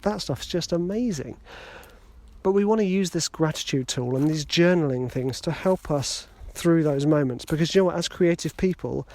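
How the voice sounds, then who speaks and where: A man's voice: on the high side, darkish tone. A middle-aged man hosting a podcast in a casual, self-deprecating way with joking asides, talking into a phone in his hand while walking through a wood. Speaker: podcast host. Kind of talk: casual motivational podcast talk. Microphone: phone held in hand.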